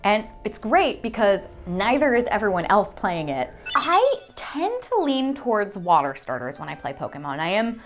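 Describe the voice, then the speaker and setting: Lively, gushing young woman. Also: moderate pace, few pauses. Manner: gushing and excitable, voice leaping high. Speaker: voice actor guest. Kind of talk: casual interview chat. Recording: faint music underneath.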